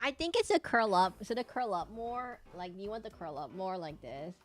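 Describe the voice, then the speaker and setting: A woman's voice: medium pitch, expressive, fairly quick, faint music behind. A woman streamer chatting casually with her viewers while drawing, giggly and rambling. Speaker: livestreamer.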